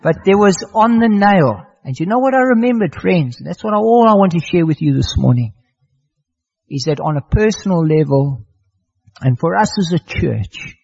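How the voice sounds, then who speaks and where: This is an older man preaching, his voice husky and a little breathy, sitting fairly high for a man. He tells his story earnestly and leans on repeated words for emphasis. The recording is muffled and lo-fi. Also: lively intonation, normal speed, a little mellow. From South Africa. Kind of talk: sermon.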